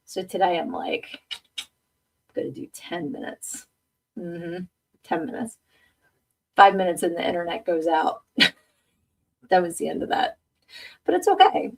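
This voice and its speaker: A woman's voice: lowish voice, expressive, normal speed, gravelly, long pauses, darkish tone, distant mic. A middle-aged woman hosting a podcast, chatting casually and rambling, laughing often at herself as she reads viewer comments aloud. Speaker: podcast host.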